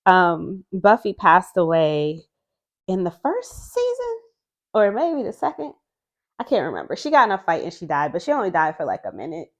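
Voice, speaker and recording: A woman's voice: on the low side, wildly swooping pitch, moderate pace. A woman vlogger chatting casually and rambling as she reviews tarot decks, laughing often and restarting her sentences. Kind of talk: chatty casual video response.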